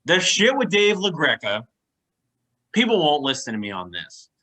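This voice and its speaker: A man's voice: fairly high pitch, wildly swooping pitch, normal speed, pushed and bright. A man co-hosting a casual podcast, speaking emphatically and swearing. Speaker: podcast co-host. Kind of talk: casual chat.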